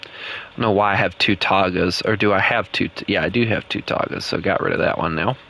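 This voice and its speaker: Bright-voiced Southern US gamer man. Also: deep voice, brisk, creaky. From Southern United States. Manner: playful, teasing, laughs often. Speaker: game streamer. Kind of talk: casual gameplay chat with co-players.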